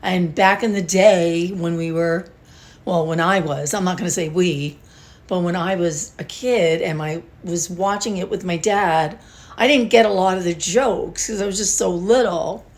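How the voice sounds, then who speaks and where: An older woman talks to her camera in an unhurried, meandering way, often pausing to sigh or restart a thought. Her voice sits a little low, and she lingers over her words with open emotion. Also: fairly even intonation. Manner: emotional, rambling, with sighs and restarts. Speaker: beauty vlogger. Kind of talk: casual talk to camera.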